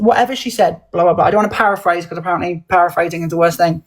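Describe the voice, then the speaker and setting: A woman hosting a livestream, telling a heated story in a casual, animated way and acting out the voices of others. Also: fairly low pitch, racing, rough recording. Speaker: livestream host.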